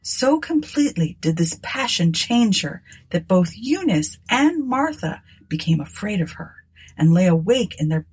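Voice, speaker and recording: A woman reading a gothic story aloud with a husky, breathy voice set fairly low. Her delivery is dramatic and lively, rising and falling widely through each sentence. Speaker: audiobook narrator. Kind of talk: scripted narration of a gothic story.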